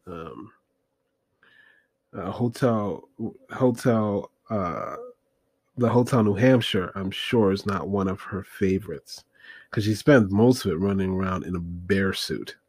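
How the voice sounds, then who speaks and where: A man's voice: low-pitched, slow pace, a little mellow, breathy edge, dry recording. A man rambling through a casual movie review, hesitant and full of fillers as he looks things up while talking.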